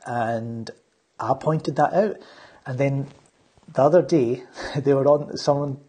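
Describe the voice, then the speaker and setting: A man in easy podcast conversation, his voice a little husky at an ordinary middle pitch. He rambles along and keeps restarting his sentences around plenty of fillers. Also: slow pace, warm tone. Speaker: channel host. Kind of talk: casual podcast chat.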